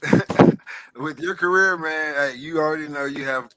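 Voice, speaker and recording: Podcast host guy, bright punchy voice, kinda stop-start, lots of "you know". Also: a little high, a little hiss or hum. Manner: halting, repeats words, leans on "you know". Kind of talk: casual chat.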